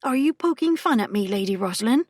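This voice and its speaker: A woman's voice: on the high side, animated, fast, a little mellow, no room sound, clean studio sound, voice pushed up. A woman voicing an earnest, unsure young country girl who talks in a pleading way. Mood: anxious.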